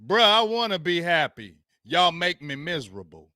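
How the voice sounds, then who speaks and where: A man hosting a sports talk show, ranting about his team in slangy, animated talk and reading out viewer comments. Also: fairly high pitch, moderate pace, no room sound, clean studio sound.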